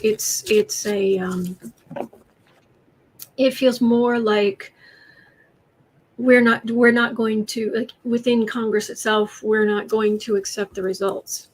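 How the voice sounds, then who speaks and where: Reading viewer comments aloud as she chats, an American woman hosts a relaxed tarot livestream from a room at home, her voice on the high side. Now and then she softly murmurs to calm her cat. The recording is rough, with slight background noise.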